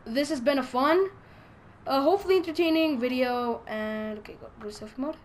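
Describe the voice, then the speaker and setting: A young woman with a high, light voice talks over her game in a let's play. She is excitable and crude, jokes nonstop and keeps bursting into giggles. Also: a little fast, slight background noise. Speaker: gaming YouTuber.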